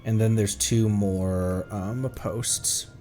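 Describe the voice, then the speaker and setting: A man giving casual livestream reaction commentary, rambling and hesitant with many restarts and bursts of excitement. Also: lowish voice, very slow, soft background music. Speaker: streamer.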